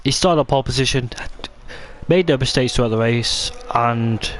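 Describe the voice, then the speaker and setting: Excitable man commentating a racing game. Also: medium pitch, normal speed, a little hiss or hum. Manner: excitable, chatty, with frequent restarts.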